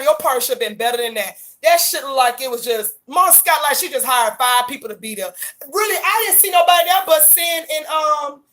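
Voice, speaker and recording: A woman's voice: high voice, a bit bright. A young woman recapping a reality show in casual gossip, blunt and profane, often laughing.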